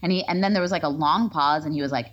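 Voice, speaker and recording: Woman co-host, twenties, low-ish voice, sarcastic storyteller, dull lo-fi sound. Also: fast talker. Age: 20s. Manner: animated, sarcastic, swings pitch in quoted bits. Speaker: podcast co-host. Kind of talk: casual chat, storytelling.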